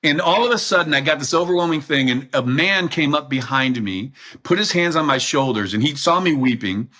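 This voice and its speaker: A man's voice: fairly high pitch, expressive, brisk, pushed and bright. A middle-aged man telling a personal story as a podcast guest, earnest and emotional. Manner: earnest, emotional, quotes himself.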